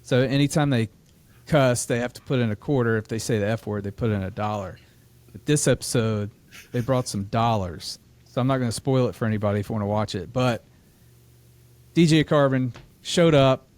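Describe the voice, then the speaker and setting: A man's voice: mid-range voice, brisk, darkish tone. Laughing Midwestern man telling a story. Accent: American Midwest. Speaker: podcast co-host. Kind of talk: casual podcast chat.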